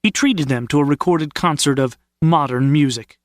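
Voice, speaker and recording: A man narrating an audiobook in a measured, steady storytelling manner. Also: on the high side, no room sound. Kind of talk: scripted narration.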